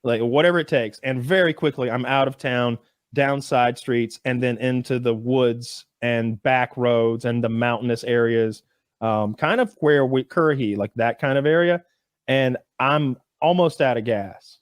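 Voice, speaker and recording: A man in his thirties on a podcast, telling a story in a casual, animated way and jumping up in pitch when he acts out voices. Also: unhurried, no echo, clean studio sound. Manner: animated storyteller who jumps high acting out voices.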